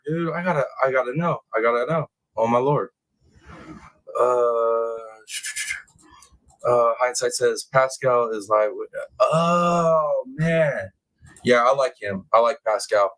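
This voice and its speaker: A man hosting a casual true crime livestream, reading chat comments aloud and bursting into excited, high-pitched exclamations. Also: takes it slowly, long pauses, poor audio. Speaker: livestream host.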